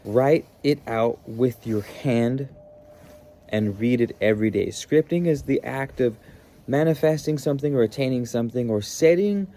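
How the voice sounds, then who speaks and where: A man's voice: mid-range voice, dark tone. A man hosting a spiritual self-help video, talking casually and earnestly, often restarting and trailing off mid-thought. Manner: earnest, motivational. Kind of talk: casual explanatory monologue.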